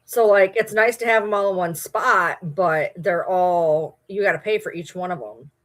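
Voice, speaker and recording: A livestream host from Michigan, with a Michigan accent, chats casually, rambling and answering viewer comments. Her voice is on the low side, and she speaks at a moderate pace.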